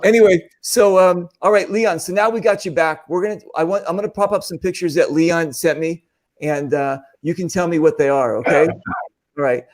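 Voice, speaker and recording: American male host, slightly high voice, chatty and excitable, reads viewer comments. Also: moderate pace. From United States. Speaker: show host. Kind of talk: casual live-stream chat.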